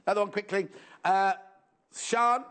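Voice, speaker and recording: A man's voice: sits high, fairly even intonation, normal speed, a bit bright, clean tone. A man presenting a live shopping show in a playful, jokey, chatty way, reading out viewer messages.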